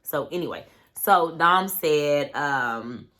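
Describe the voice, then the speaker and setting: A woman vlogger tells a reality-show story in a rambling, casual way. Her voice sits low but sounds bright and punchy. She fills it with "like" and "you know what I'm saying". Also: animated, slow pace.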